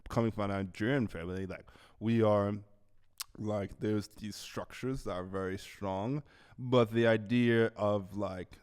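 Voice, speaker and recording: A man hosting a podcast in casual chat, an animated storyteller who acts out other people's voices and laughs often. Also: fairly low pitch, a little slow, smooth. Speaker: podcast host.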